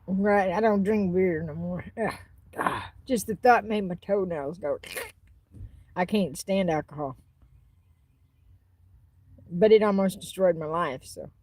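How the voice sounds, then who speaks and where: Husky woman rambling on a livestream. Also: fairly low pitch, unhurried, long pauses, darkish tone. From Arkansas, US. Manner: blunt, rambling, talks back to chat. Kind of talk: casual livestream chat.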